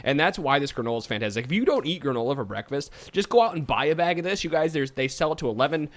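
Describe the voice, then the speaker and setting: A man's voice: on the high side, very fast. A man hosting a casual podcast, laughing and a bit tipsy as he chats. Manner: animated, laughing, tipsy from wine. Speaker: podcast host. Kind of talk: casual chat.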